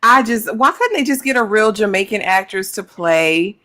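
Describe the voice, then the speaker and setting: A woman co-hosting a casual TV recap chat, frank and opinionated, with drawn-out fillers. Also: medium pitch, lively intonation, sharp tone. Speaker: podcast co-host.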